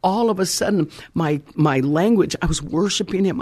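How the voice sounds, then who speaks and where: A man's voice: high-pitched, normal speed, a little mellow, husky. A man preaching a fervent sermon, emphatic and calling out to his congregation.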